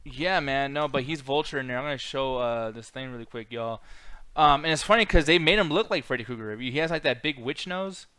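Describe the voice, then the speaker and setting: A man co-hosting a casual live-stream chat, excitable and profane, laughing often. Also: mid-range voice, brisk, clear, resonant tone, no echo. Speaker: podcast co-host.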